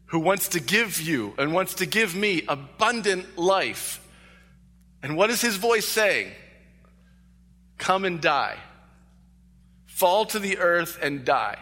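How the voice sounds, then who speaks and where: A man's voice: sits high, expressive, slow, pauses often, bright, forceful tone. A male pastor preaching a sermon, earnest and emphatic, repeating key phrases. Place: church sanctuary. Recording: long echo of a large hall.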